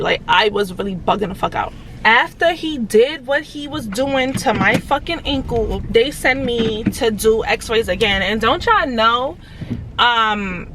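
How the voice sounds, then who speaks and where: Animated high-voiced woman telling a story. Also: slight background noise, poor audio. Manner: animated, profanity-heavy, addresses viewers as y'all. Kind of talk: casual storytelling to viewers.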